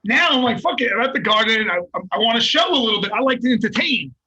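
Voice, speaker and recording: An older man, a fighter, telling a story in casual, profane, animated bursts and laughing along the way. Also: very high voice, fast talker, husky, lo-fi sound. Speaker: guest fighter.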